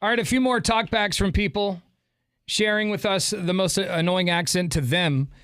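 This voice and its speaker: A man's voice: sits high, normal speed, a bit bright, no room sound. A man hosting a morning radio show, running a call-in game with teasing, blunt banter into a studio mic. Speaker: radio host. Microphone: studio microphone.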